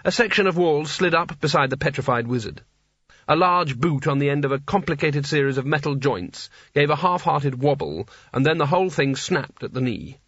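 A man giving measured, wry scripted narration of an audiobook. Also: on the high side, animated, a bit bright, breathy edge, no room sound. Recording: dull dry audiobook recording.

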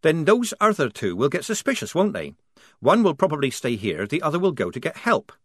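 A man voicing a sharp young woman soldier. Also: fairly high pitch, big pitch swings, slightly rough, dry recording, studio quality, pitched above the performer's own voice, exaggerated voice. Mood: worried. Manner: quick, sharp, whispering urgently.

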